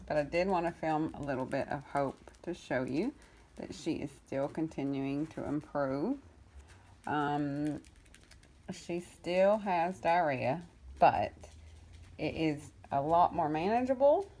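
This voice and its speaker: Casual cat-rescue vlogger, woman, lower pitch, rambly and affectionate, a bit under the weather with a cough. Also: takes it slowly, mellow. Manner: chatty and rambling, many ums and restarts; coos affectionately at the kittens. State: getting over an illness, coughing. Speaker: cat rescuer and foster carer. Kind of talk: casual vlog update. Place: home with foster kittens.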